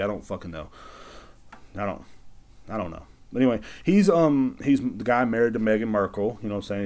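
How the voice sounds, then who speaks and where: A man with a fairly low voice rants through a solo podcast. His talk is rambling, sarcastic and loaded with swearing. He is from the United States. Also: darkish tone. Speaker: podcast host. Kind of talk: casual solo podcast rant.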